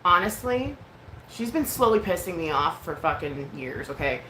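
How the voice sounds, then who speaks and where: A woman's voice: fairly low pitch, big pitch swings, normal speed, pushed and bright. A woman in her thirties telling a story in a casual rant, frank and profane, with lots of fillers. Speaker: vlogger. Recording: echoey room with clear background noise.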